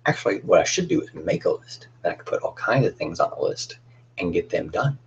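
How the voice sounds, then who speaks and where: Young guy on his cosplay stream, deep gravelly voice, kinda husky, rambles with lots of ums. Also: very animated, fairly quick, lo-fi sound. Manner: rambling, friendly, many fillers and restarts. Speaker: cosplay livestream host. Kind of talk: casual livestream chat.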